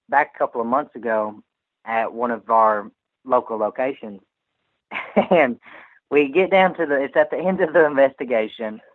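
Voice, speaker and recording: A man telling an animated, laughing story as a guest on a radio talk show. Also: medium pitch, narrow, tinny audio. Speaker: guest medium's partner.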